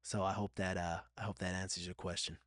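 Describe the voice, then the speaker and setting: A man's voice: deep voice, little pitch movement, brisk, a bit bright, no echo, clean studio sound. A man hosting a solo podcast, talking in a candid and reflective way, sometimes getting emotional and repeating himself. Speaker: podcast host.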